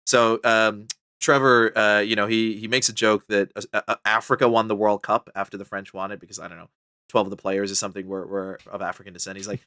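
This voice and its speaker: A man's voice: brisk, smooth, no room sound, clean studio sound. A man being interviewed about his book, talking casually and animatedly with lots of fillers. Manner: animated, chatty, full of fillers and pitch jumps. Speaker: podcast guest, book author.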